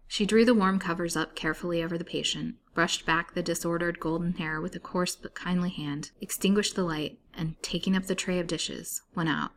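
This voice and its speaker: A woman storyteller reading a novel chapter aloud in a steady, measured way. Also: fairly low pitch.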